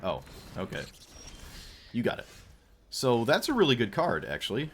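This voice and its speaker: A man's voice: mid-range voice, huge pitch swings, moderate pace, a little hiss or hum. A man streaming a card game, giving playful, joking commentary and talking at his opponent. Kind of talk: casual gameplay commentary.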